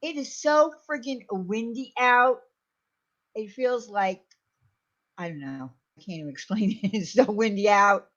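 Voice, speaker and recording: A woman hosting a casual livestream chat, blunt and quick to swear, laughing often. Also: mid-range voice, a bit bright. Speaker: livestream host. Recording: muffled lo-fi stream audio.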